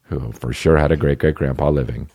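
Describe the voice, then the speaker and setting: A man's voice: a bass voice, a little fast, creaky, warm tone. A man hosting a podcast, rambling in a casual comedic monologue full of swearing while he riffs on listener questions. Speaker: podcast host.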